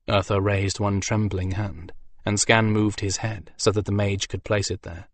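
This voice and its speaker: Guy reading a fantasy audiobook, low steady voice, dry close sound. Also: normal speed, few pauses, no echo. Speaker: audiobook narrator. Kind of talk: scripted fantasy audiobook narration.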